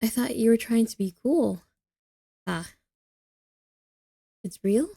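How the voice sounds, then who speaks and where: A woman's voice: fairly high pitch, animated, slow, gravelly, slightly rough, no echo, full character voice. A woman voicing a young witch in a visual novel, dry and joking with her best friend. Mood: wry. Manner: dry, joking, gently teasing.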